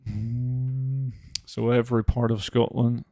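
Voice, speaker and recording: A relaxed man, chatting on a game livestream in a middle-of-the-range voice. He talks loosely, full of little fillers. The sound is dry and close, with no room around it. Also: mid-range voice, slow pace, no echo. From Norway. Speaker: game streamer. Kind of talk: casual livestream chat, reading chat aloud.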